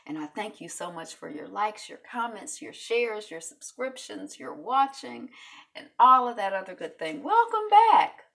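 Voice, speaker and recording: A woman hosting a casual video recap of a reality show, chatty and animated, with many fillers. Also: medium pitch, normal speed, creaky.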